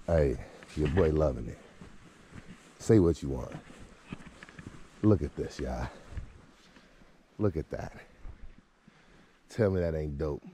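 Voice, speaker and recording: A man in his thirties vlogging casually outdoors while walking, excited and informal, often chuckling. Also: low voice, a little hiss or hum. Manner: excited, exclaiming and chuckling, drawn-out asides; relaxed informal talk with slang. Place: outdoors in snowy woods by a creek.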